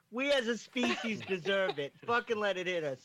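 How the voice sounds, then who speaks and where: A woman's voice: mid-range voice, lively intonation, unhurried. Blunt joking woman with noisy background. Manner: loud, blunt, joking interjections. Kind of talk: casual chat.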